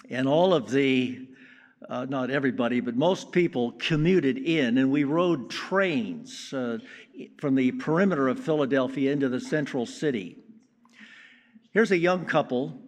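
A man preaching a sermon in a slow, deliberate way with strong emphasis on key words. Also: mid-range voice, expressive, a little mellow. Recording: long reverb of a large hall.

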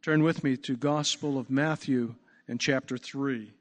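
A man preaching a sermon, emphatic, stretching key words out slowly. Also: mid-range voice, fairly even intonation. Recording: long reverb.

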